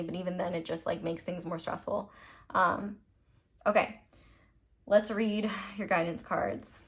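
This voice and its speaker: A young adult woman giving a casual tarot reading, rambling and gushing, filling her talk with "like" and some swearing. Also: on the low side. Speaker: tarot reader. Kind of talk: casual pick-a-card reading.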